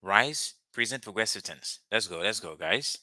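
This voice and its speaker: A man's voice: fairly low pitch, expressive, normal speed, sharp tone, no echo, studio quality. A man teaching a live language lesson, patiently repeating words and phrases for his students.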